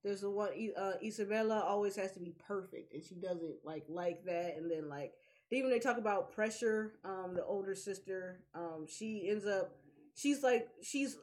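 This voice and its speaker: A woman's voice: medium pitch, darkish tone. A woman co-hosting a podcast in casual chat, who giggles and breaks into laughter often. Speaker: podcast co-host.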